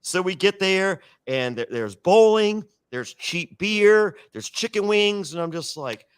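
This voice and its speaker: A man tells a story in casual podcast chat, rambling and stumbling over repeated words while he acts out both sides of the dialogue. His voice sits a little high, and the sound is dry and close. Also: lively intonation, unhurried, smooth, no echo. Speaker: reality TV guest.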